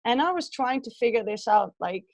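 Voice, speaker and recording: Dutch-accented woman chatting on an interview, bit high voice, dry close sound, lively storytelling. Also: brisk, no echo. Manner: animated storytelling with laughs and acted childhood quotes. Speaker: interview guest.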